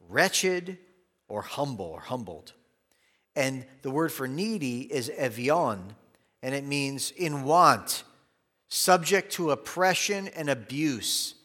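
A man's voice: a little high, fairly bright tone, big-room sound. A man preaching a Bible-teaching sermon, earnest and emphatic as he explains the meaning of words.

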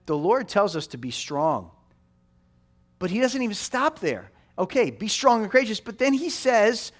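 A man in his forties delivers a sermon in a fairly high voice. His pitch swings widely as he drives his points home. He repeats phrases for weight and keeps asking his listeners "right?". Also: big pitch swings, normal speed. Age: 40s. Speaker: pastor.

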